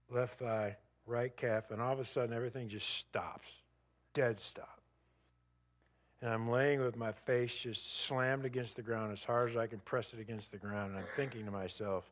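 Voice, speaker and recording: A man with a mid-range voice speaks as a guest at church, recounting a dramatic personal story. He tells it in vivid, animated bursts that suddenly fall to a hush.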